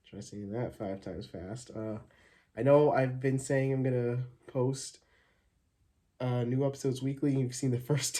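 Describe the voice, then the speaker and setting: Medium in pitch and warm in tone, an Arizona man hosts his own channel. In a relaxed thank-you vlog he addresses viewers upbeat and loosely, often restarting sentences and leaning on fillers.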